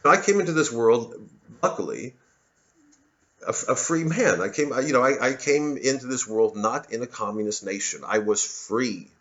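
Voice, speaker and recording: A man's voice: mid-range voice, animated, normal speed, fairly bright tone, lo-fi sound. A man giving an angry, profane ranting monologue as a vlogger, often repeating himself and restarting sentences. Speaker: political commentary vlogger.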